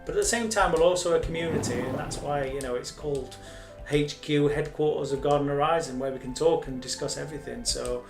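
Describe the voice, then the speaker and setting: Male stream host, slightly high voice, chatty and rambling, faint music underneath. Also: a little fast, vocal fry. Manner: chatty, rambling, self-mocking. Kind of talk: casual live-stream chat.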